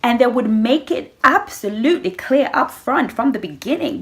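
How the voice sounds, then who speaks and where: Sassy, animated woman vlogger. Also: fairly high pitch, moderate pace. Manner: animated, acts out little scenes with playful voices; sassy, addresses listeners as girl. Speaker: vlogger giving relationship advice. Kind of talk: casual chat to camera.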